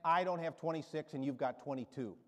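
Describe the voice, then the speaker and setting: A man's voice: on the high side, fairly quick. A man in his seventies preaching a sermon as a guest preacher, rousing and emphatic, with storytelling asides. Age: 70s. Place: church sanctuary. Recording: reverberant church hall.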